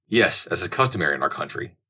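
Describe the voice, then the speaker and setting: A man voicing an excitable old sea captain in an audiobook, blustering and exclamatory. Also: low-pitched, fast talker, slightly rough, heavily acted. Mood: gruff.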